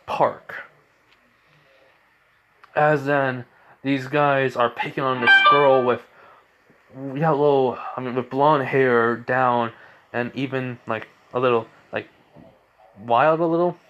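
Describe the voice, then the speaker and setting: A man narrates an improvised fan story in a loose, rambling way, leaning on fillers and restarting his sentences. His voice sits at an ordinary middle pitch for a man, and his casual, unscripted delivery sounds homemade. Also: a bit bright.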